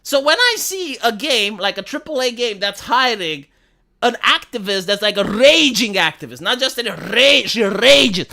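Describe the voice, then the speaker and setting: A woman with a Montreal accent ranting profanely to her live-stream audience. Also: mid-range voice. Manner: profane, exasperated, fast and animated. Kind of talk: casual live-stream rant.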